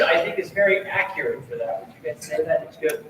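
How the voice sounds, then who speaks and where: A man's voice: on the high side, lively intonation, fairly quick, hardly any pauses, a crowd in the background. A man in his thirties or forties, a band director, making a rambling, earnest appeal to a concert audience in a school auditorium. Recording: echoey hall from far off, room noise.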